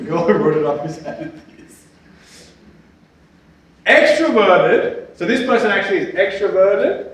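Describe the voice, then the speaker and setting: A man, a spiritual teacher, gives a lively lecture full of anecdotes. He laughs often and checks in with his listeners by asking "yeah?". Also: on the high side, slight background noise. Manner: animated, laughs often, ends points with a questioning "yeah?". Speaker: spiritual teacher giving a talk. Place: lecture hall at a festival symposium. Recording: very echoey hall, speaker far from the mic.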